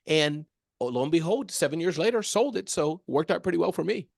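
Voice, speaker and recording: A man talking as a guest in a casual interview, animated and acting out little quotes as he tells stories. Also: on the high side, a little fast, gravelly, no room sound, studio quality. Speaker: guest, small business speaker.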